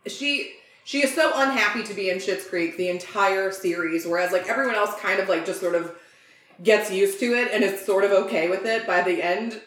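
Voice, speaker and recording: A woman's voice: mid-range voice, a bit bright. A woman chats on a podcast in a mid-range voice, gushing about what she loves and swearing without a second thought. Her talk runs on ums and likes. The room around her adds a noticeable echo. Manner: chatty, gushing, swears freely, many fillers. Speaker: podcast co-host. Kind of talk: casual chat. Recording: roomy echo.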